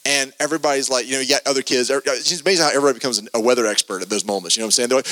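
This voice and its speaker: A man, preaching a sermon and telling a story from his youth, with animated delivery and many repeated starts. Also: medium pitch, rapid-fire, few pauses, no room sound.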